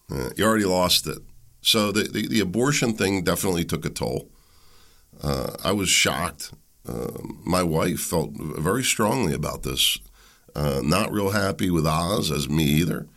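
A man's voice: deep voice, moderate pace, gravelly. A man hosting a political talk show, giving a blunt, opinionated monologue with frequent restarts. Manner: animated, blunt, with frequent restarts and mock voices.

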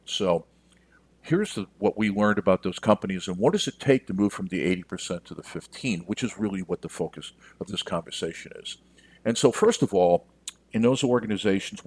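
A man's voice: low-pitched, husky, no echo. A middle-aged man from the United States, a business coach talking directly to listeners in a casual podcast monologue. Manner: direct, conversational, addresses listeners as you.

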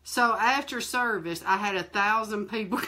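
A woman hosting a fireside chat, telling a personal testimony in a lively, colloquial way and talking straight to her listeners. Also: medium pitch, moderate pace. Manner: animated, laughing, acts out quoted voices; colloquial, addresses listeners directly. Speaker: ministry host.

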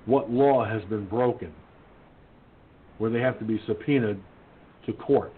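A man's voice: fairly low pitch, measured pace, slightly rough. A male internet radio host who reads news items aloud and then rants about them, indignant and swearing. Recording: tinny phone-line sound with faint hiss.

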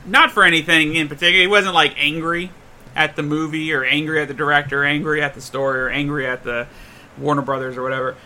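A male podcast co-host with a deadpan, joking way of talking. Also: on the high side, fast talker. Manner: deadpan joker. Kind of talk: casual podcast chat.

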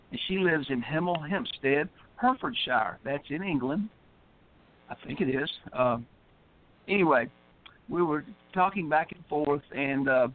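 Male caller, poet, rambling and upbeat, slightly high voice, phone line. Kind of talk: casual chat.

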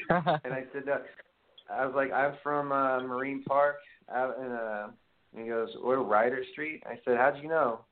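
A man's voice: mid-range voice, steady tone, measured pace. A man from Brooklyn with a New York accent, hosting a casual call-in interview and telling rambling, profanity-laced stories. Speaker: podcast host. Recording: tinny phone-line sound, faint noise.

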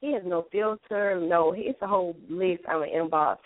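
A woman's voice: lowish voice, normal speed, dry recording. A woman co-hosting a casual podcast, teasing and reacting to the banter. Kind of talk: casual chat. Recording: dry, phone-like narrow sound.

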